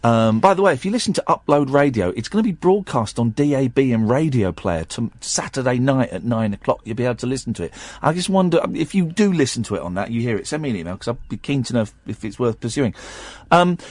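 A man's voice: medium pitch, sing-song, fast talker, few pauses, darkish tone, no room sound. A man hosting a radio show, chatting casually on air in a rambling way with plenty of restarts.

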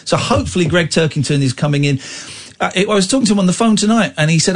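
Teasing radio host, lively pitch. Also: male voice, quick pace, hardly any pauses. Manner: jokey, teasing, breaks into squeaky laughter. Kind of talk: late-night phone-in chat. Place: radio studio.

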